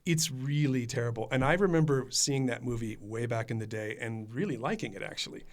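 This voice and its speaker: A man's voice: mid-range voice, a little fast. A man hosting a casual movie review podcast, decisive as he wraps up each segment. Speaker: podcast host.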